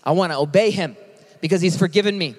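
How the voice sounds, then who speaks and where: A man preaching a sermon as a pastor, animated and conversational, with quick asides. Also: high-pitched, in a large hall, slight background noise.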